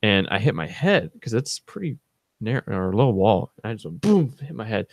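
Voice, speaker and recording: Deep gravelly man telling a rambling story. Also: expressive, moderate pace, dry recording. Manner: rambling, laid-back, full of fillers. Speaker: channel co-host. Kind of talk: casual storytelling vlog.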